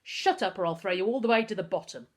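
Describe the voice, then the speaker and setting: A woman voicing a big, mean, oafish man who talks gruffly and mockingly. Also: medium pitch, fast, close to an everyday voice.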